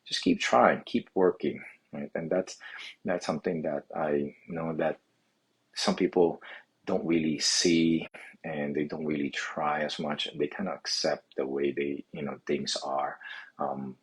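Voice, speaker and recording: A middle-aged man from the Philippines telling his life story, halting and restarting often. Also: very deep voice, steady tone, slightly rough. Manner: halting, many restarts and "you know" fillers. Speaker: physical therapy clinic owner. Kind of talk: personal story monologue.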